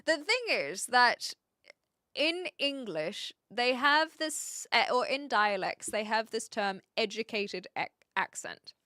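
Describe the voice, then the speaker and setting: A woman with an educated New Zealand accent, chatting casually on a live stream, rambling, pausing to search for words and reading chat aloud. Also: on the high side, big pitch swings, bright, forceful tone, no echo, clean studio sound.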